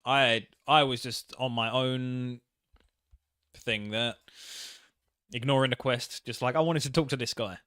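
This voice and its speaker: A man's voice: medium pitch, fairly even intonation, unhurried, pauses often, fairly bright tone, clean tone, no echo, studio quality. A man casually commenting on a game he is playing, joking and mocking himself as he reads the text aloud. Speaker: gaming channel host. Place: home setup, in England.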